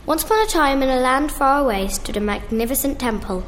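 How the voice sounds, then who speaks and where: A woman reading a storybook tale aloud, slowly and carefully, with small restarts. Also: high voice, lively intonation, a little hiss or hum.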